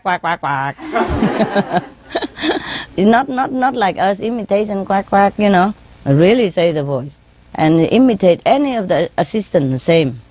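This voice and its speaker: A woman's voice: fairly low pitch, mellow, no room sound, low-quality recording. A woman speaking as a spiritual teacher, telling informal stories to an audience in non-native English, laughing often and mimicking her birds' calls. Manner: non-native English grammar, frequent "you know". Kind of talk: informal anecdote told to an audience.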